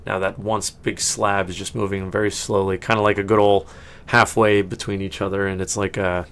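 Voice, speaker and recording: A man's voice: fairly low pitch, level tone, moderate pace, a bit bright, smooth. A man running a tabletop game as game master, narrating in a rambling way with many restarts and frequent laughs. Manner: rambling, full of fillers and restarts, laughing often.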